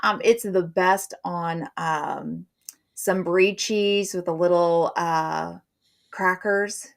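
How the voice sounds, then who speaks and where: A woman's voice: fairly low pitch, fairly even intonation, takes it slowly, creaky. A middle-aged woman hosting a live stream, chatting casually and rambling in a friendly way.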